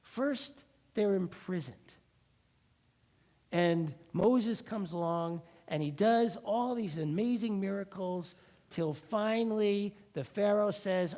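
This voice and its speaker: High-voiced man preaching with animated storytelling. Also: slow. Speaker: pastor. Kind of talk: sermon.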